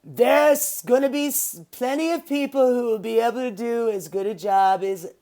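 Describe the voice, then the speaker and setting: A woman's voice: fairly high pitch, normal speed, dark tone, voice pushed up, close to an everyday voice. Lady doing a smug rambly old president guy bragging, kinda loose and sloppy. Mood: smug mocking. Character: boastful older male president, smug.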